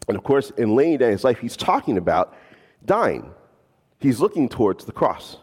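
A man preaching a sermon as a pastor, animated and casual, slipping in jokes. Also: medium pitch, moderate pace, breathy edge, long reverb tail.

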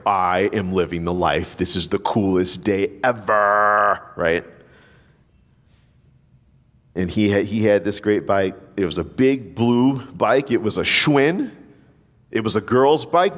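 A man's voice: lowish voice, in a large hall. A man preaching a sermon, telling a story and acting out the voices of the people in it. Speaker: pastor.

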